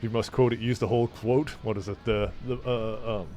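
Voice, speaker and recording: A man's voice: on the low side, flat delivery, fast, few pauses, darkish tone, soft background music. A man streaming a video game, talking in a casual, rambling, wry way with crude jokes. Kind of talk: casual gameplay commentary.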